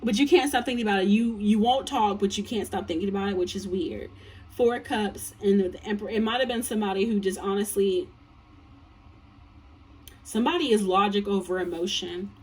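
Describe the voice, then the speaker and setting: A woman's voice: mid-range voice, fast talker, darkish tone, breathy edge, distant mic. A tired woman giving a casual tarot reading, blunt and profane, rambling with lots of fillers. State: tired, yawning. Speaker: tarot reader.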